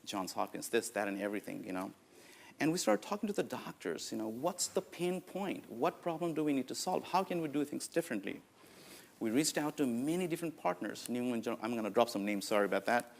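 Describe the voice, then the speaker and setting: A man in his forties with a Nepali accent speaks at a conference. He tells stories in a lively way and fills gaps with "uh" and "you know." His voice sits at an ordinary middle pitch for a man. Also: brisk, vocal fry, a little hiss or hum. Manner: anecdotal, lively, many "uh, you know" fillers. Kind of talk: conference keynote talk.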